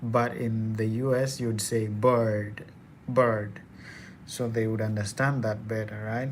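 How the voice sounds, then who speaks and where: A man's voice: fairly low pitch, little pitch movement, normal speed, slight background noise. A young man from Kenya with a Kenyan accent, chatting casually and laughing often as he hosts a live Q&A. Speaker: student and live-stream host.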